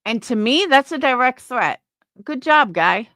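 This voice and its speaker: A woman's voice: high-pitched, animated, unhurried, pushed and bright, no room sound, studio quality. A young woman streamer giving a profane, scornful reaction rant on a livestream. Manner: angry, profane, scornful ranting.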